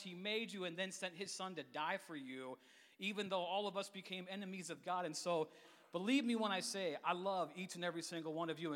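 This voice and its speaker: A man preaching as a youth pastor, his voice high and bright. His delivery is fast, playful and energetic, and long church reverb trails every line. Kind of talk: lively sermon. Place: church sanctuary.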